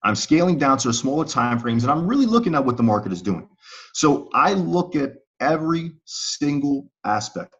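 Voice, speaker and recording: A man's voice: mid-range voice, sing-song, normal speed. A man teaching price-action trading in a live online webinar, talking conversationally and often checking in with his viewers. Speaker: trading instructor. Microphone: online call audio. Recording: slightly muffled call audio.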